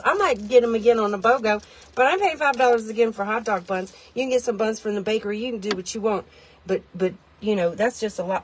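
A woman vlogging a chatty product demo from inside a tiny car, rambling, self-deprecating and easily excited. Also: on the high side, brisk, a little hiss or hum.

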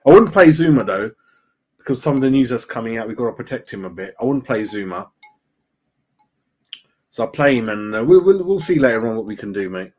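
A man's voice: medium pitch, animated, a little fast, darkish tone. A man hosting a casual fan live stream, chatting loosely, greeting viewers by name and saying "mate" a lot. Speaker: fan channel host.

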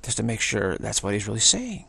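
A man's voice: on the low side, very animated, a little fast, creaky, sharp tone, slightly rough, no echo. A man giving a rambling, reflective spiritual talk, repeating himself and acting out the voices of people he quotes. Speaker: spiritual speaker.

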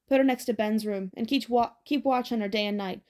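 A woman reading the part of a gruff, suspicious teenage boy leader who talks bluntly in slang. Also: fairly high pitch, brisk, a little mellow, close to an everyday voice. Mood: commanding.

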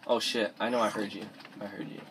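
A man's voice: fairly low pitch, level tone, fast talker, a bit bright. Teen guy doing let's play commentary in his bedroom, rambly and mumbly, slight hiss. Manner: rambling, many restarts, mumbles asides. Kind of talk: gameplay commentary. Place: bedroom at home. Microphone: cheap mic or device mic.

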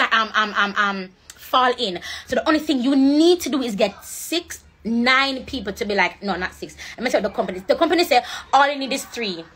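This fairly high, fairly bright female voice comes through with a little hiss or hum. Crying now and then, she preaches into her phone during a heated livestream rant, her emotional delivery alternating between patois and standard English.

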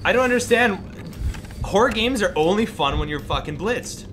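A man's voice: high-pitched, lively intonation, moderate pace, fairly bright tone. A man casually chatting and joking with a friend while they play video games at home, swearing now and then. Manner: joking, swears, breaks into silly singing. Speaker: gaming channel co-host. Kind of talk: casual gaming chat. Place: home, shared with roommates. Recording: noisy home recording.

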